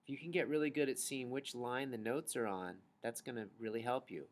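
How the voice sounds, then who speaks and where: A man's voice: medium pitch, brisk. A man teaching an online recorder lesson to fourth and fifth graders, patient and encouraging, who chants rhythm syllables and note names for the class to repeat. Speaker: music teacher.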